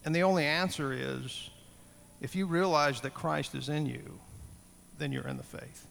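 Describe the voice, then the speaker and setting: A male preacher delivers a sermon in a high, gravelly voice. He keeps it conversational, often putting questions to his listeners. His voice carries a long reverb, as in a church hall. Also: steady tone, moderate pace, a bit bright, a little hiss or hum. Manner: conversational, asks the congregation questions.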